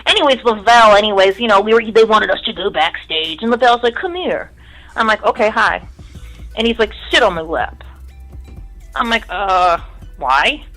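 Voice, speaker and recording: A middle-aged woman, a guest musician, tells casual, profane stories from her music career and mimics the people in them. Her medium-pitched voice is a little fast and a bit bright, on a rough recording.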